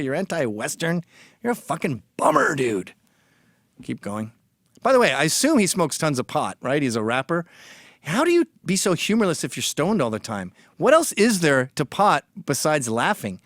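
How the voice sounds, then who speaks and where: Middle-aged male host, sarcastic and heated, swearing freely; fairly high and animated delivery, dry recording. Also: no echo. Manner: sarcastic and heated, swears often, quotes tweets back. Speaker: commentator reading tweets on his show. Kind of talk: profane opinion commentary.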